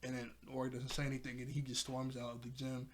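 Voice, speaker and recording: A young man casually recapping a cartoon episode, animated, acting out the characters' lines and laughing often. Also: medium pitch, fast. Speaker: episode reviewer.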